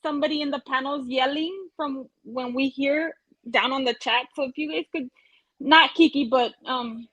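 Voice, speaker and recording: A woman working as a chat moderator, who speaks politely and apologetically and reads messages aloud slowly. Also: sits high, steady tone, a bit bright, dry recording, muffled recording. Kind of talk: casual chat.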